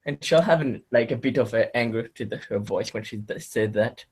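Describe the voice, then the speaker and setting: A man's voice: lowish voice, steady tone, moderate pace, darkish tone. A man playing a tabletop game who describes his character's actions hesitantly, with many fillers. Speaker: player. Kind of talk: casual tabletop play.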